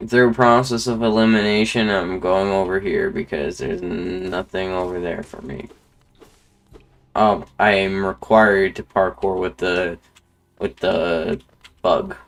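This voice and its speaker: Low-voiced man muttering over gameplay. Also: fairly even intonation, slow pace. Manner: mumbled offhand remarks to himself. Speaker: game streamer. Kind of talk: live gameplay commentary.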